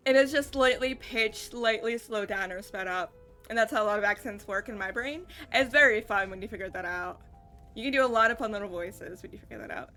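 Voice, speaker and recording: A woman's voice: a little high, fairly quick, sharp tone, soft background music. A woman streamer chatting casually while she plays, rambling with many fillers. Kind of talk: casual gameplay chat.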